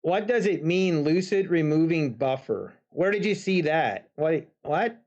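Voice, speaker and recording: Slow-talking man streaming live trades. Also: a little high, expressive, darkish tone, highs cut off. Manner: talks to the market and chat, drawn-out pauses. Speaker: live futures trading streamer. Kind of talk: casual live-stream commentary.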